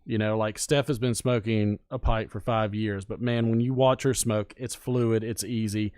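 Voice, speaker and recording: A man hosting a casual podcast, talking in a relaxed, folksy way with plenty of fillers. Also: lowish voice, normal speed, smooth, no echo, clean studio sound. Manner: relaxed, folksy, lots of "you know". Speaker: podcast host. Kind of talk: casual chat about pipe smoking.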